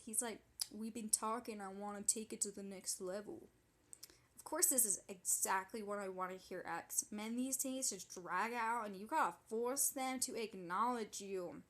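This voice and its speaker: A woman's voice: fairly high pitch, fairly bright tone. Woman playing sassy gossiping young woman. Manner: breathless, indignant, gossipy storytelling. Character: sassy dramatic young woman telling a wild story. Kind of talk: comedic character monologue.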